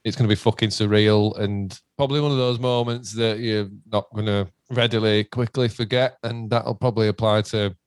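A man, chatting casually about a hometown gig. He swears a lot and acts out quoted lines with big jumps in pitch. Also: steady tone, a little fast, few pauses, no room sound. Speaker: band member. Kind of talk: casual chat, heavy swearing.

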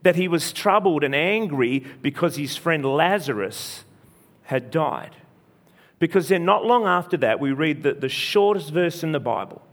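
An earnest male preacher retelling a story in a sermon, with a fairly high voice. He talks in short repeated phrases, often restarting mid-line as he drives the point home. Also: expressive, a little slow. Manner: earnest, repetitive, frequent restarts.

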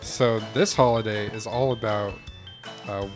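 A man's voice: fairly low pitch, fairly even intonation, measured pace, over music. Giggly young male podcast guest. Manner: playful, giggly, makes silly mouth noises. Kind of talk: casual comedic podcast banter.

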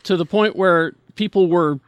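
A man's voice: sits high, moderate pace, clean tone, no echo, dull audio. An American man hosting a casual podcast chat, rambling and restarting his sentences often. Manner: rambling, hesitant with many restarts. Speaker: podcast host.

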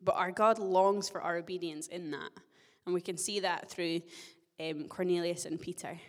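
A young woman giving a sermon to her church, telling a personal story in a chatty, self-deprecating way with gentle humor. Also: fairly low pitch, fairly even intonation, normal speed. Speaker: church speaker. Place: church hall. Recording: long church-hall reverb.

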